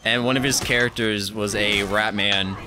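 A man hosting a gameplay video, chatting casually in an excitable, profane, rambling way. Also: on the low side, moderate pace, background noise. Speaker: gaming channel host.

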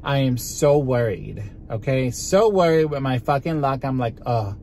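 A man's voice: medium pitch, expressive, unhurried, darkish tone, a little hiss or hum. A man vlogging casually to his viewers, chatty and frustrated, swearing a lot while out on a drive. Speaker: vlogger and singer. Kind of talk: casual vlog talk to camera. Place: in a car on a drive.

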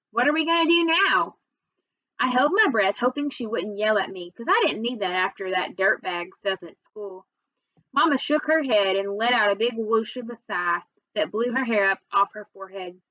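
A woman reading a children's novel aloud, with expressive first-person storytelling. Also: mid-range voice, no room sound, highs cut off. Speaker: reader.

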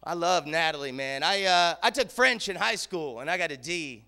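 High, gravelly rambling comedian. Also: male voice, lively intonation, normal speed, sharp tone. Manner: loose, rambling, peppers lines with "man". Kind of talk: stand-up storytelling. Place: theater stage.

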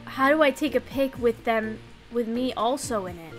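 A young woman streaming a farming game, giggling and chatting playfully, putting on quick voices for the characters. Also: on the high side, expressive. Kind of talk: live gameplay commentary. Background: faint game music.

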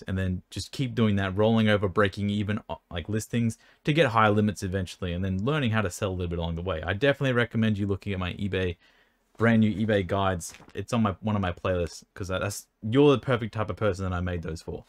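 A man with a lowish voice, recorded without echo, answers questions from viewers about card selling. He's in an indoor room by an air conditioner, talking loosely and rambling, fumbling words while his dry mouth keeps hiccuping.

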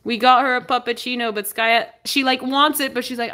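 A woman's voice: a little high, steady tone, moderate pace, sharp tone. A young woman hosting a live stream, cooing and chatting in a sing-song way to her dog and to viewers. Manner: cooing, sing-song talk to a pet, frequent laughs. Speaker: livestream host, dog owner.

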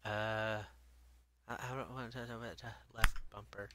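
A man's voice: on the low side, flat delivery, unhurried, very noisy. Cursing, frustrated gamer guy. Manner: swears constantly, mutters to himself and bursts into angry yelling. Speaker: gaming video creator. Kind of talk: frustrated gameplay commentary.

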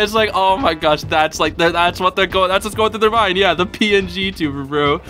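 A man's voice: high-pitched, moderate pace, hardly any pauses, sharp tone, faint music behind. A young man hosting a casual reaction video, laughing often and talking in loose slang full of fillers. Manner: giggly, filler-heavy slang talk.

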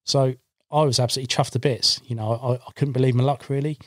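In a dry, echo-free podcast studio recording, a carp-fishing guest with a middle-pitched voice spins a casual tale of a fishing trip at a quick pace. He tells it with animation, playing out his own earlier lines on the studio mic.

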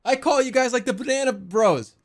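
A male streamer giving casual gameplay commentary, excitable and swearing, with loud shouting outbursts. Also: very high-pitched, brisk.

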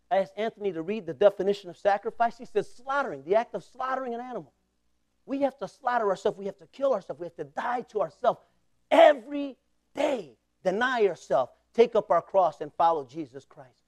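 Man, 40s, pastor, high voice, fervent sermon with call-and-response. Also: darkish tone. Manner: impassioned preaching with call-and-response.

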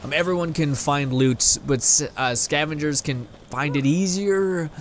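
A man's voice: on the high side, unhurried, a little hiss or hum. A young man from Canada giving rambling, laugh-filled commentary while playing a video game, now and then swearing at it. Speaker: gaming YouTuber. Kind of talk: casual let's play commentary.

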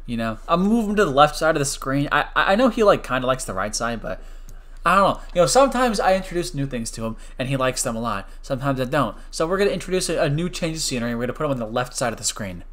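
A young man commentating his own online gameplay on a stream, joking and switching between loud outbursts and quiet mumbles. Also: medium pitch, sing-song, quick pace. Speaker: gaming streamer.

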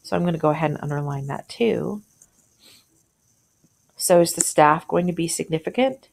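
Low, gravelly-voiced woman teaching. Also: moderate pace, a little mellow. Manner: conversational, thinking aloud with questions. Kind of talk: literature lesson, annotating a story aloud.

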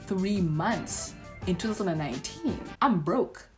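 A young woman vlogger telling a storytime tale in a sassy, animated way, with lots of asides. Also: on the low side, unhurried, soft background music.

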